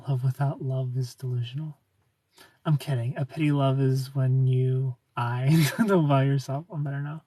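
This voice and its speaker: A man from Ohio hosting a casual livestream, reading viewer comments aloud in a soft, low-key way and slipping into quiet asides. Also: fairly even intonation, measured pace, no echo. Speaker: livestream host.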